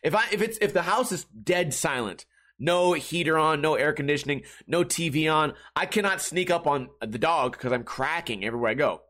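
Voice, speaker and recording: A middle-aged man talks alone on his podcast in a slightly high voice. He rambles loosely from one tangent to the next, swears freely and pokes fun at himself along the way. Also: animated, moderate pace, a bit bright. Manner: rambling, swearing, self-mocking, goes off on tangents. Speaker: podcast host. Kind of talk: casual solo podcast rambling.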